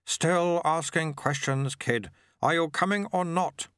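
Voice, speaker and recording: A man voicing a brisk, dry-witted male monk who recruits a youth, speaking in a sardonic way. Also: fairly high pitch, fairly bright tone, smooth, no room sound, pitched above the performer's own voice.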